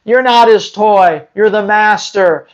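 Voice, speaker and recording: A man's voice: sits high, takes it slowly, lo-fi sound. A man who hosts a dog training channel, answering viewer questions live in a blunt, teasing way full of rhetorical questions.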